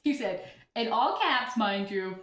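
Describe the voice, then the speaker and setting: A woman's voice: fairly high pitch, animated, measured pace, a bit bright, reverberant. A woman vlogging casually about her orchids at home, chatty and giggly, often laughing at herself. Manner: chatty, giggly, self-deprecating. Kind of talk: casual vlog chat.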